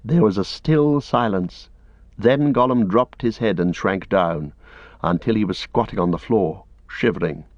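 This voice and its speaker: A man reads a fantasy novel aloud in a steady storytelling voice. His pitch sits low. The recording is dry, close and a little muffled. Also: measured pace, no echo. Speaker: audiobook narrator. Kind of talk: scripted narration. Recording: dry, slightly dull audiobook recording.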